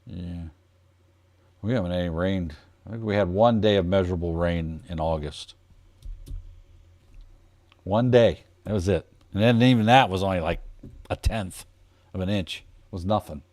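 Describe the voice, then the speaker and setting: A man's voice: sits low, moderate pace, long pauses, darkish tone, dry recording. A man from Ohio hosting a casual trading livestream, folksy and joking, calling himself plain redneck. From Ohio, United States. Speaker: trading coach host.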